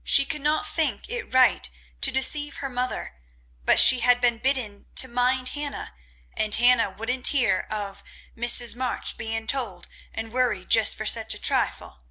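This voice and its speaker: A woman narrating a classic novel in measured, scripted audiobook style. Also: a little high, pushed and bright, poor audio.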